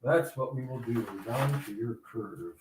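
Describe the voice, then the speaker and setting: Laughing frequently, a livestream host teases his chat in a mocking tone, stretching his words out slowly with sharp jumps in volume. His medium-pitched voice has lively intonation, with background noise audible.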